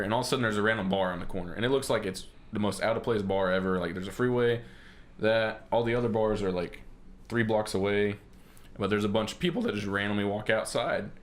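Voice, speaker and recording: A man's voice: on the low side, slight background noise. A man co-hosting a podcast, telling a rambling story casually with many fillers and acted-out quotes. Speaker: podcast co-host.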